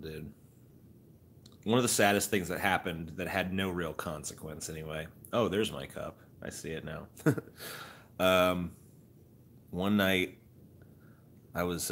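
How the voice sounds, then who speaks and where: Low-voiced man rambling profanely. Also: a little hiss or hum. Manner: rambling, profane, deadpan musing. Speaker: streamer. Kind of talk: casual chat.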